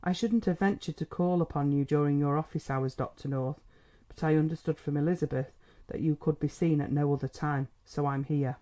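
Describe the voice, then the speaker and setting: A man voicing a sturdy, earnest young engineer in a storybook, calm and self-possessed. The timbre is mellow and warm. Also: fairly high pitch, brisk, close to an everyday voice. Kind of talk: audiobook character reading.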